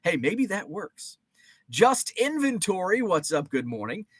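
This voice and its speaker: A man's voice: sits high, sing-song, unhurried, breathy edge, no room sound, studio quality. A man hosting a casual livestream, rambling between topics and reading viewer comments aloud. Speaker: host.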